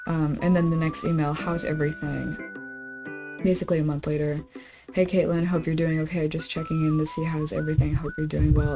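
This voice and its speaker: A woman's voice: low voice, fairly quick. A young woman streamer chatting casually on a study stream, swearing freely as she tells a story and reads messages aloud. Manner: swearing, animated storytelling, reading emails aloud. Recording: faint background music. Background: soft guitar game music.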